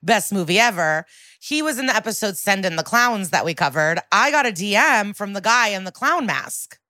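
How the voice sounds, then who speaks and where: A woman co-hosting a podcast, telling anecdotes in an animated way and swearing bluntly. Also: mid-range voice, moderate pace, no echo, clean studio sound. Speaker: podcast co-host. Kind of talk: casual chat.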